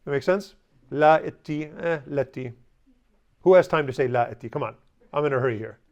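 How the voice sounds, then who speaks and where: A man's voice: mid-range voice, lively intonation, racing, muffled recording. A male language teacher giving a classroom lesson, blunt and teasing, leading the class in drills.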